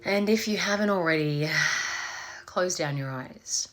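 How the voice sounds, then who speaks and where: A woman's voice: on the low side, unhurried, faint music behind. A woman meditation teacher in a casual, playful talk, swearing freely and acting out voices before guiding a meditation.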